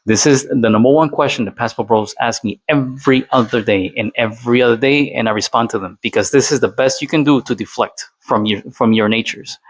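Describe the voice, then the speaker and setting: A man's voice: mid-range voice, brisk, few pauses. A man from Colombia doing reaction commentary, lecturing and repeating his points with tag questions. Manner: lecturing, repeats points with "all right?" and "okay?".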